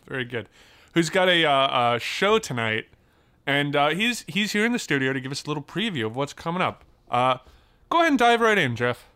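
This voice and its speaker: An actor playing a polite radio host who patiently interviews a comic guest in the studio. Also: male voice, fairly high pitch, big pitch swings, moderate pace, sharp tone, smooth, no echo. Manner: polite, patient, hesitant with fillers. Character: polite radio morning host, adult man. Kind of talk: comedy sketch acting.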